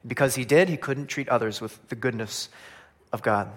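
A man preaching a sermon, animated, acting out voices of people he speaks of and dropping quietly at line ends. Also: mid-range voice, fairly quick. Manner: animated, acts out quoted voices of biblical figures; swings between loud emphasis and quiet, dropping line ends. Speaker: pastor.

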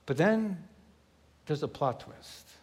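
Animated high-voiced male preacher. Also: slow pace, slightly rough. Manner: animated, emphatic, acts out the story. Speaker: pastor. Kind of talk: sermon.

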